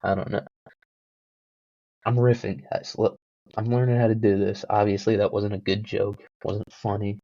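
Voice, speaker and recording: A man's voice: on the low side, little pitch movement, normal speed, creaky, long pauses, dark tone, no echo. Rambling, joking man on a lo-fi mic. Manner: joking, self-deprecating, full of fillers. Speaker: podcast host. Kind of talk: rambling casual storytelling. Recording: dull lo-fi home mic.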